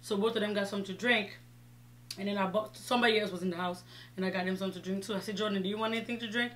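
A woman beauty vlogger chatting casually while doing her makeup, retelling a story with lively quoted dialogue. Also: medium pitch, very fast, slight background noise.

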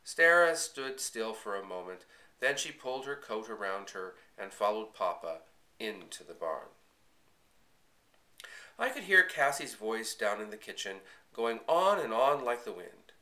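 Male audiobook reader; expressive first-person storybook narration, bright tone. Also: fairly low pitch. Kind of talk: storybook reading.

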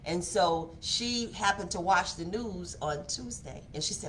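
A woman's voice: lowish voice, animated, a little slow, hardly any pauses, a little hiss or hum. A woman giving a morning devotional talk, preachy, repeating words for emphasis and calling for responses. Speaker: devotional speaker. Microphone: online stream mic.

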